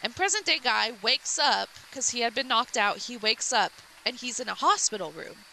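A woman streamer recounts a game's plot in a loose, rambling way, full of likes and false starts. Her voice is bright and sits a little high, with a faint hiss in the background. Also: expressive, normal speed, creaky, poor audio. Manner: rambling with many likes and restarts. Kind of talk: casual retelling of a game story.

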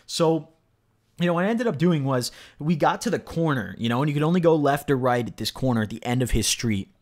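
A man's voice: fairly high pitch, expressive, a little fast. A man telling a story from his own life in a casual monologue, rambling with constant "like", "you know" and "right?", and swearing freely for emphasis. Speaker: storyteller vlogger.

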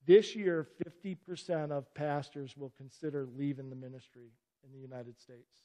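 A man's voice: medium pitch, fairly even intonation, normal speed, mellow. A middle-aged man preaching a sermon as pastor, earnest and emphatic, often cutting in with "listen" to press a point. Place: church sanctuary. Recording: long church reverb.

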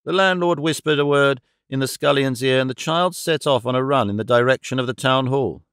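A man narrating a classic novel audiobook in an even, steady storytelling manner. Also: medium pitch, a little fast, smooth, no room sound, studio quality.

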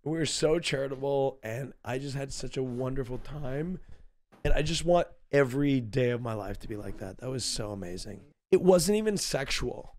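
A man's voice: medium pitch, expressive, moderate pace, a little mellow, a little hiss or hum. A drunk man chatting on a podcast, rambling, repeating himself and sounding giddy. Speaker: podcast guest. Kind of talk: casual podcast chat.

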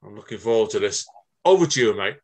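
A man's voice: on the low side, lively intonation, quick pace, darkish tone. A man hosting a podcast, chummy and upbeat, calling his guest "mate". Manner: chummy, says mate a lot, upbeat wrap-ups. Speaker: podcast host. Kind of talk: casual interview chat.

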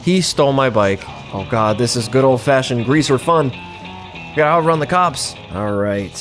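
A man's voice: mid-range voice, lively intonation, normal speed, fairly bright tone, soft background music. A young man giving casual, sarcastic gameplay commentary, swearing freely and chuckling to himself.

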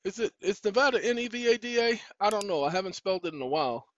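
A man with a high-pitched voice and lively intonation speaks quickly on a dull, lo-fi, dry recording. Hosting his own online show, he chats casually while searching on a computer, scolding it aloud and spelling words letter by letter.

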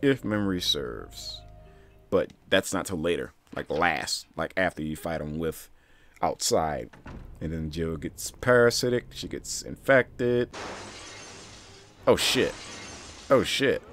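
A man's voice: a bass voice, expressive, a little slow, fairly bright tone, soft background music. A man giving casual, profane commentary while playing a video game, grumbling and talking back to the game itself. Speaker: streamer.

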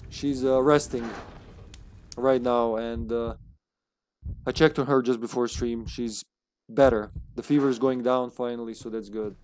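A man's voice: mid-range voice, steady tone, a little slow, darkish tone, slight background noise. A man streaming a game live, giving casual commentary, joking, laughing often and talking to his co-op partner.

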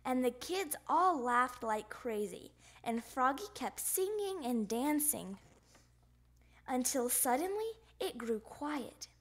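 A woman narrating a children's picture book aloud, with playful, expressive sound effects. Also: high-pitched, slow. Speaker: storybook reader.

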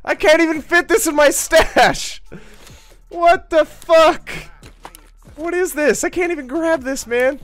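Brief: female game streamer, very high voice, unhurried delivery, incredulous and profane, faint music behind. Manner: incredulous, laughing, swears a lot. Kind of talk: live gameplay commentary.

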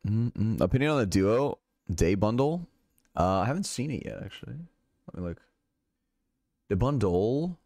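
Lively low-voiced male streamer. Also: normal speed, pauses often, no echo, clean studio sound. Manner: relaxed, swears freely, answers viewers' questions. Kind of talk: casual chat reading out live chat.

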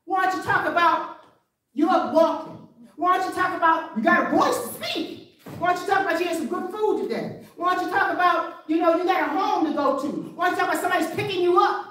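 Woman preacher, high voice, lots of why-don't-you questions, big echo, sounds far from the mic. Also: brisk, fairly bright tone. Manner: conversational preaching with rhetorical questions. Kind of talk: sermon. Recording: very echoey room, voice from afar.

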